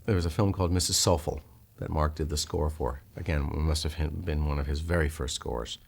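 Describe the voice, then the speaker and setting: A man talking about film music in an earnest, measured way. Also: extremely low pitch, fairly even intonation, creaky, breathy edge. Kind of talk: reflective commentary.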